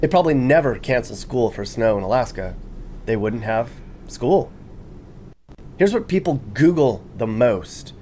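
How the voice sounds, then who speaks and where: A man's voice: medium pitch, animated, unhurried, darkish tone. Man, mid-range voice, joking commentary, laughs a lot, faint noise behind. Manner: jokey and amused, laughs often, reads quotes aloud with mock enthusiasm. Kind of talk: casual commentary.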